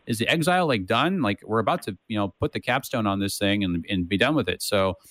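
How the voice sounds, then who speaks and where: A man's voice: fairly low pitch, animated, fast, fairly bright tone, dry recording, clean studio sound. A man co-hosting a casual Bible discussion, thinking aloud with frequent restarts and checking in with "right?". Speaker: co-host of a Bible study podcast.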